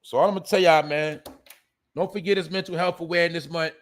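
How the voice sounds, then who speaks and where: A man hosting a casual live stream, talking loosely in street slang and shouting out viewers in the chat. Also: fairly high pitch, steady tone, fast talker.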